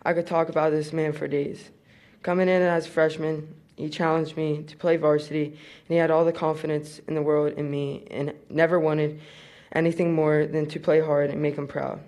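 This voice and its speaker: A man's voice: fairly high pitch, little pitch movement, normal speed, darkish tone. A young man giving a read-out award acceptance speech. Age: young adult. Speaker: award winner.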